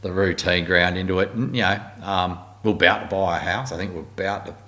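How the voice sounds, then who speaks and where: A middle-aged Australian man, an army warrant officer, tells war stories in a casual interview, blunt, swearing and animated. His voice sits low and he talks fairly quickly.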